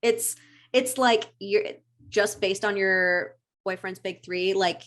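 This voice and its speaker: A woman in casual podcast chat about astrology, lively and laughing often, acting out little quoted voices. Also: mid-range voice, slow pace.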